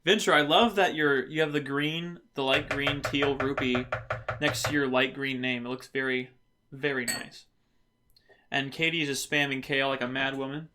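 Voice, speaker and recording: A man's voice: medium pitch, steady tone, normal speed, over music. A man hosting a livestream, chatting playfully and laughing as he reads viewer comments. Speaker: livestream host. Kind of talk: casual chat reading viewer comments.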